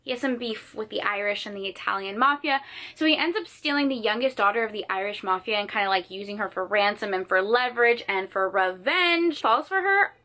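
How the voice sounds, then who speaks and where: Bubbly bright-voiced young woman. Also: mid-range voice, a little fast. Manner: bubbly, gushing, dramatic storytelling. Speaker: book vlogger. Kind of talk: chatty book haul vlog. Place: sitting on the floor of her room.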